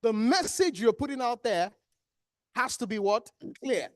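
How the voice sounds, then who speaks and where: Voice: mid-range voice, unhurried, dry recording, clean studio sound. A trainer with a Nigerian accent, leading an interactive workshop and quizzing the room. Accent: Nigerian English. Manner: animated, asks the room questions and answers them. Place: training hall with an audience.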